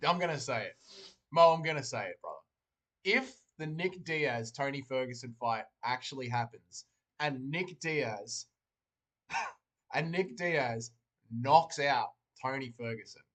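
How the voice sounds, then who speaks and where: Man, mid-pitched, hosts a casual livestream, rambling and joking as he reads chat aloud. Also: lively intonation, unhurried, a bit bright. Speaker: livestream host.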